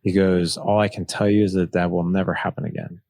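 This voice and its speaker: A man's voice: sits low, flat delivery, a little fast, a little mellow, no room sound. A man as a podcast guest, earnestly telling a personal story and retelling past conversations. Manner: earnest, retells dialogue with "he's like".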